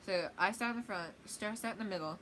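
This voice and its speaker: A woman's voice: mid-range voice, quick pace, a bit bright, a little hiss or hum, rough recording. A young woman, likely in her teens, casually telling a vlog story with lots of fillers and giggles. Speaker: vlogger.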